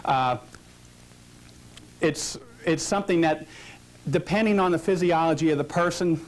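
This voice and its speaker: A photography instructor with a slightly high voice demonstrates posing, coaching a model at an unhurried pace. He explains his points through rhetorical questions.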